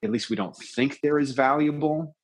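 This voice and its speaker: A man's voice: medium pitch, moderate pace, breathy edge. A man in casual discussion, talking with animation and acting out lines with emphasis.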